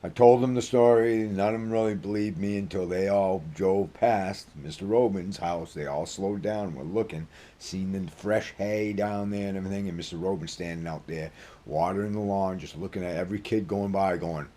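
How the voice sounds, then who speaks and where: A man's voice: low-pitched, normal speed, warm tone. A man in his sixties with a Maine accent, telling a story casually in a rambling, folksy way and swearing freely. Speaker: vlogger.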